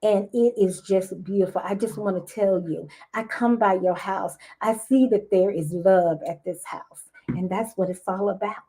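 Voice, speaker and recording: Expressive woman telling stories. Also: mid-range voice, normal speed, a little hiss or hum. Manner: lively storytelling, expressive. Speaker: guest, business owner. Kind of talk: casual interview chat.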